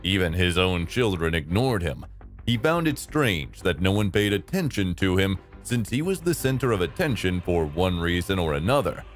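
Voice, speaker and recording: A man narrating a story in an even, matter-of-fact tone. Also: low voice, moderate pace, faint music behind.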